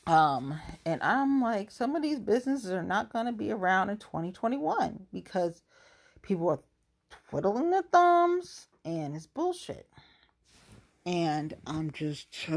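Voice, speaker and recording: Woman, casual profane rant to camera, low voice with big pitch swings. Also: creaky, a little mellow. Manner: profane, exasperated, talks to the viewer directly.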